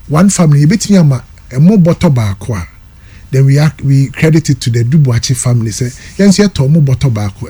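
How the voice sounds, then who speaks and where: Ghanaian radio host, dark husky voice. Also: male voice, a little high. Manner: mixes Twi and English, repeats items and numbers. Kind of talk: appeal for donations on a call-in show.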